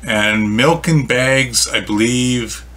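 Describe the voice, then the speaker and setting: Slow-talking bright man in his fifties. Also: medium pitch. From Canada. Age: 50s. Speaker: reaction video host. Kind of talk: casual reaction commentary.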